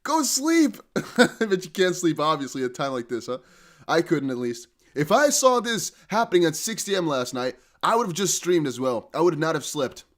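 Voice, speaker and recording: A man hosts a live crypto stream in an excited, hype-driven way, breaking into laughs and chanted lines. His voice sits a bit high and swings widely up and down. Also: normal speed. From Netherlands.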